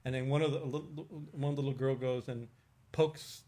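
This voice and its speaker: A man's voice: mid-range voice, steady tone, moderate pace, mellow. Chatty laughing man giving a discourse. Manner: chatty storytelling, laughs often, many restarts. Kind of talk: informal religious discourse. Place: temple hall.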